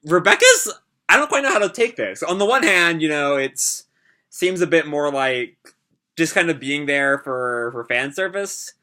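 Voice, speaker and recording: A man hosting a manga reaction, reading chapters aloud and pausing to comment with hesitant, reflective asides. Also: a little high, lively intonation, bright, forceful tone. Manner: hesitant, lots of fillers and restarts, reflective.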